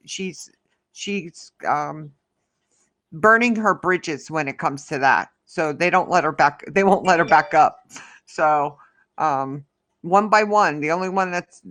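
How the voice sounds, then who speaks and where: A woman's voice: lowish voice, a bit bright. A woman hosting a casual livestream who answers her chat in a rambling, heated way. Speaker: livestream host.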